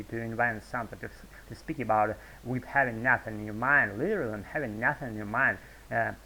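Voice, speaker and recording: A man with a Russian accent talks straight to camera in a loose, unplanned monologue. He wanders from thought to thought, stalls on "uh" and restarts, and curses casually. His voice sits at an ordinary middle pitch. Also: gravelly, fairly bright tone, low-quality recording. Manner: rambling, hesitant, many fillers and restarts, swears freely. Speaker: video blogger. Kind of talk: unscripted off-the-cuff monologue.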